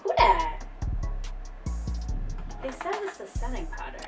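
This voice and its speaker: A woman's voice: a little high, wildly swooping pitch, takes it slowly, far from the mic, over loud music. A woman beauty vlogger gushing and exclaiming as she unboxes makeup, swearing casually as she goes. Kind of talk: excited unboxing chat.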